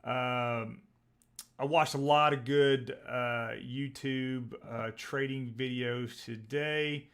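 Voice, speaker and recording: A man from Texas hosting a live trading stream, rambling and excitable as he calls out stock tickers and market news. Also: mid-range voice, slow pace, hardly any pauses, clean tone. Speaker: livestream trading host.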